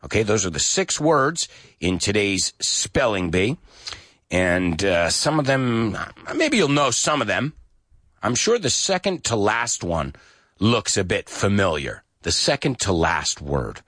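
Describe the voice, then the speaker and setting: A man hosting an English lesson in a lively radio-show style, spelling words slowly letter by letter. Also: on the low side, dry recording, clean studio sound. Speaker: English teacher and show host.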